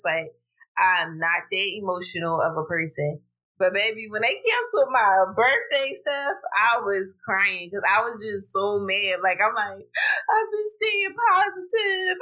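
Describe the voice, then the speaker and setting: A woman hosting a podcast, telling a story in casual chat, animated and blunt, swearing freely. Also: rough recording. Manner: animated, profane, vents with rising pitch. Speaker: podcast host. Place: home podcast setup while streaming live.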